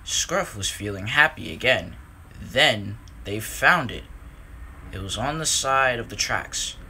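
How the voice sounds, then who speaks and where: Man reading a storybook slowly. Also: fairly low pitch, a little hiss or hum. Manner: slow, lively, expressive reading. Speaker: narrator.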